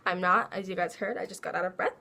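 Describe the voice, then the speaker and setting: A young woman telling a casual storytime, animated and laughing as she acts out her own quotes. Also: on the low side, fast, creaky, very noisy. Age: young adult. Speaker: vlogger.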